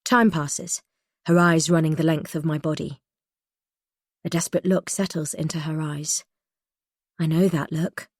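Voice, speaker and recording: Woman reading a tense thriller audiobook, lowish voice, dry close mic. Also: fairly even intonation, a little slow, long pauses, husky, no echo. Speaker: audiobook narrator. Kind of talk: first-person thriller narration.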